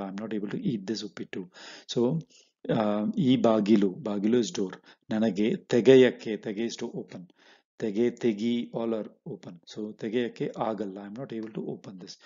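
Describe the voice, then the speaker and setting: A man's voice: on the low side, mellow. A man teaching a language from slides, explaining step by step and checking in with "right?". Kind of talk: slide-based language lesson. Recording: dull lo-fi audio.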